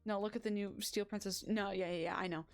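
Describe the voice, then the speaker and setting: A young woman streaming a game, chatting casually in a gushing, excitable, rambling way, from a home setup. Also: medium pitch, fast talker. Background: faint background music.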